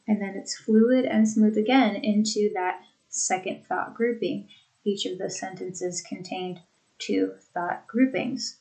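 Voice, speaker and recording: Woman teacher going thru pronunciation examples, slow and careful, mid pitch. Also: a little mellow, low-quality recording. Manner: slow, deliberate, demonstrating phrasing by example. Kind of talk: pronunciation lesson.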